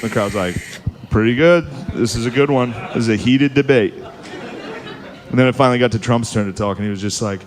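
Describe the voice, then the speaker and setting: A male comedian telling an animated stand-up story, acting out voices and laughing at his own jokes. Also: mid-range voice, moderate pace, a faint crowd. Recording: live audience behind.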